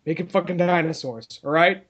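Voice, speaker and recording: Comedy podcast bit: a blunt, cursing dinosaur-making scientist with a high voice, as a man puts him on. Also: moderate pace, a bit bright, dull audio. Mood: defensive. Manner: defensive, profane and blunt. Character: gruff male scientist who makes dinosaurs.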